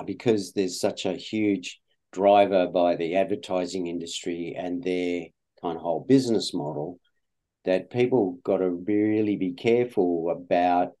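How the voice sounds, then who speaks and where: An Australian man with a deep, warm voice is a guest in a conversational interview. He rambles, with plenty of fillers and restarts.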